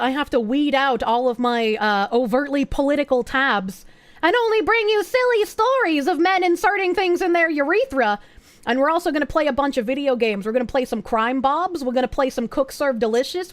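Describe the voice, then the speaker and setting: A woman streamer chatting casually to her viewers, excitable and swearing freely as she reads and answers chat. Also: high-pitched, fairly quick, no room sound.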